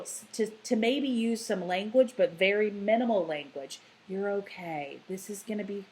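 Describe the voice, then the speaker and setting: Calm, lowish-voiced woman explaining gently. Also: low-quality recording. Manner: calm and explanatory, with frequent "you know" and "um" fillers; softens into a gentle, hushed voice when modelling words to a child. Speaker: child therapist giving parenting advice. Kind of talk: unscripted explanatory talk.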